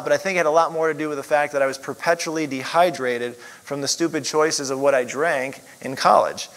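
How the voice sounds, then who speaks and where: A man's voice: a little high, a bit bright, clean tone, low-quality recording. A middle-aged man telling his story in a casual, rambling way, full of fillers. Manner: rambling, lots of "you know" fillers. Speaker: chiropractor sharing testimony. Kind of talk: casual personal testimony.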